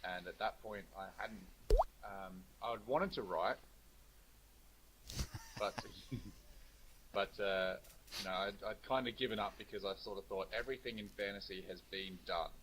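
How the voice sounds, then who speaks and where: Young guy on a video call, lowish voice, faint hiss, lots of ums. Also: a little slow, pauses often, a bit bright, low-quality recording. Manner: hesitant, lots of ums and uhs. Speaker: co-author. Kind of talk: casual chat.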